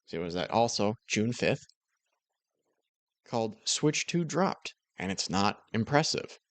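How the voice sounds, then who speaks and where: A man's voice: lowish voice, very animated, takes it slowly, dry recording. A man giving casual, mocking commentary on another creator's video. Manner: sarcastic, mocking. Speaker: commentary YouTuber.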